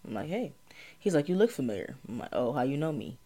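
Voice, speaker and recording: A woman's voice: deep voice, big pitch swings, quick pace. A young woman, hosting a podcast and telling a rambling story in casual chat. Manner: laid-back, rambling, bursts into loud laughter. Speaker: podcast host.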